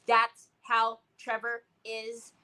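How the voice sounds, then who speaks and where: A woman's voice: on the high side, monotone, very slow, pushed and bright, clear, resonant tone. A middle-aged woman hosting a crafting livestream, chatting in a rambling, storytelling way as she works. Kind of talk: casual chat while crafting.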